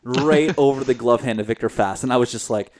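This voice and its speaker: A young man in a casual hockey chat, excitable and animated, laughing often and speaking with many fillers. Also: medium pitch, fast talker, a little hiss or hum. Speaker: podcast co-host.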